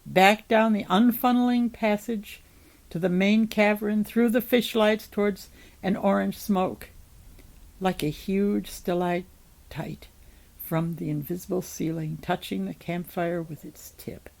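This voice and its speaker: A woman reads a chapter of a novel aloud in an even, measured storytelling manner. Her voice has a gravelly, creaky texture and sits at a middle pitch. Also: poor audio.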